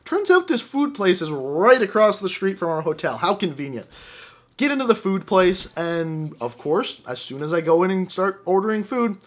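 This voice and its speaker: A young man hosting a gaming channel, telling an animated, jokey personal story over gameplay commentary. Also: sits high, normal speed.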